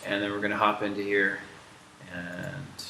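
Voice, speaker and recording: A man's voice: lowish voice, flat delivery, moderate pace, vocal fry, bright, forceful tone, echoey room, slight background noise. An American man hosting a game livestream, teasing his co-host and explaining the game's features. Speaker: game developer hosting a stream. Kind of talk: casual livestream chat.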